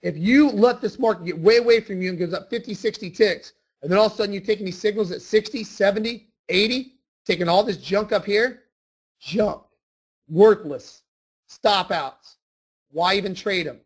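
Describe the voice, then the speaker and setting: A man's voice: high-pitched, moderate pace, slightly rough. A man teaching a trading lesson over his charts, emphatic and repetitive, hammering his points home. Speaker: trading instructor. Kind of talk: screen-share trading lesson.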